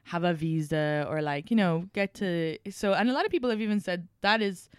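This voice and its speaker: A young adult woman hosting a podcast in casual chat, rambling with frequent restarts and an animated delivery. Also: on the low side, a little fast, clean tone, no echo, clean studio sound. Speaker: podcast host.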